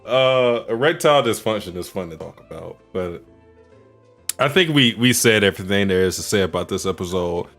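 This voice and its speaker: A man's voice: lowish voice, lively intonation, normal speed, fairly bright tone, faint music behind. A man co-hosting a casual podcast, joking and rambling with frequent laughter. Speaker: podcast co-host.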